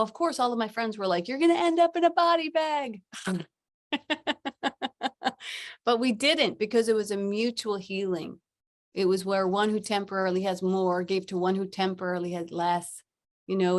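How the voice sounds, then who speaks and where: A middle-aged woman hosting a spiritual podcast, telling a personal story with laughter and acted-out quotes. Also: medium pitch. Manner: animated, acts out quoted voices, laughs often. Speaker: podcast host.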